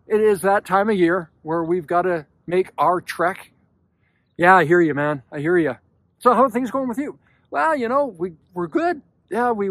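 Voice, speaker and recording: Friendly savanna animals trading easygoing, neighborly small talk, as a man puts them on. The voice rides a little higher than usual, loose and chatty. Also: a bit bright, no room sound. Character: friendly male lion and gazelle neighbors chatting.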